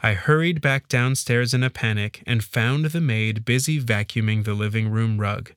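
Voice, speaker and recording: A man reads a first-person story aloud in a steady storytelling manner. His voice sits in a middle pitch. The recording is dry and close to the mic. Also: moderate pace, smooth, dry recording. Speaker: audiobook narrator.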